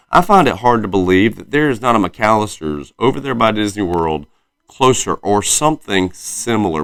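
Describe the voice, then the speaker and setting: A man's voice: fairly low pitch, a bit bright, no room sound, studio quality. A man in his thirties from South Carolina with a slight Southern twang, telling rambling stories on his own podcast and often correcting himself. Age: 30s. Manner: rambling, self-correcting storyteller. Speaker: podcast host. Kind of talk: casual solo podcast chat.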